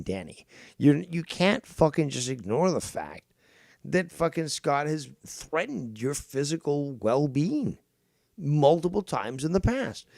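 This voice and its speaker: Gravelly dude hosting a stream, cussing out a caller, dry close mic. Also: male voice, a little high, warm tone, no echo. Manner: confrontational, swears constantly. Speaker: live stream host. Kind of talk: heated call-in argument.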